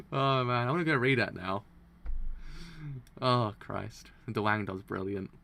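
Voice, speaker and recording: Guy with a raspy-fry voice doing a casual manga reaction, keeps tripping on words and laughing. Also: fairly low pitch, slow. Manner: stumbles and restarts over words while reading aloud; excitable, laughs often. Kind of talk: casual live reaction, reading aloud.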